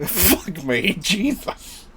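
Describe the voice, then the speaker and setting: A man's voice: high-pitched, big pitch swings, very slow, crowd noise. A man narrating a tabletop game as game master, casual, laughing and swearing freely.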